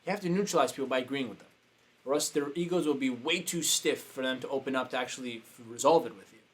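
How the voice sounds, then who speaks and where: A man hosting a coaching show, telling a story in a casual, animated way, with many "like" fillers. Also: medium pitch, fast talker. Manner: animated, acts out quoted voices, frequent "like" fillers. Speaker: business coach and show host.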